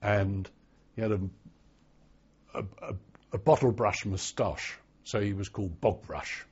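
An older man recalling his past in an oral history interview, telling it in a slow, wry storytelling way. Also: on the low side, breathy edge, muffled recording.

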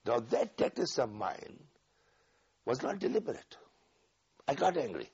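Older guy's oral history, raspy and gravelly, does all the voices, muffled old tape. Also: medium pitch, no echo. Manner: animated storyteller, acts out dialogue, laughs often. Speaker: interviewee.

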